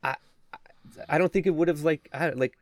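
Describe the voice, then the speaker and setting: A man's voice: on the high side, brisk, no room sound. Rambling male podcast co-host. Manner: rambling, animated retelling with many fillers. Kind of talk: casual chat.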